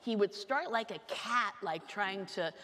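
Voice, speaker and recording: A woman around sixty telling comic stories on stage, fast, animated and self-mocking. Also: medium pitch. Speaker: author giving a talk. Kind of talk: comic storytelling talk on stage. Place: large lecture hall. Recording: reverberant hall with faint noise.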